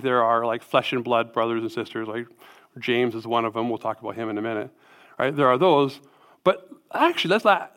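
A man's voice: medium pitch, a bit bright. Emphatic man preaching a sermon. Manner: emphatic, rhetorical questions with frequent "right?". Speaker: pastor.

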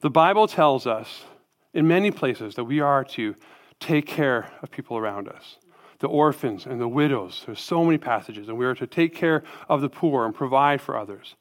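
Male pastor, mid-pitched, preaching with emphatic rhetorical questions. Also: lively intonation, moderate pace. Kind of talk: sermon.

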